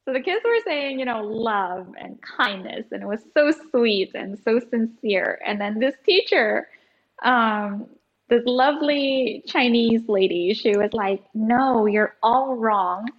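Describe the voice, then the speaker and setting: A woman's voice: on the high side, expressive, measured pace. Giggly chatty woman on lo-fi audio. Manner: giggly, chatty, many fillers. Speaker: author guest. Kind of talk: casual interview chat.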